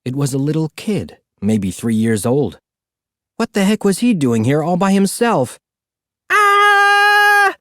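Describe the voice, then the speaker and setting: A man narrating a storybook in an expressive, animated reading. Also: mid-range voice, moderate pace, no room sound, clean studio sound. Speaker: audiobook narrator.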